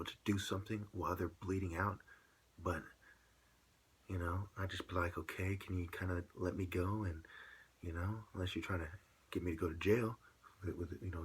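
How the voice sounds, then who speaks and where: A man ranting alone to camera, full of "you know"s, swinging from a low mutter to loud shouts. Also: breathy edge. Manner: filler-heavy, many "you know"s. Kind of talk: solo rant to camera.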